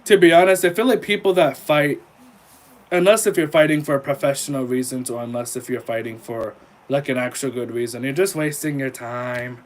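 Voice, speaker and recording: A man's voice: mid-range voice, steady tone, normal speed. A nineteen-year-old man streaming live, reading viewer messages and answering them in a laid-back, chatty way. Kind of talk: casual live-stream chat.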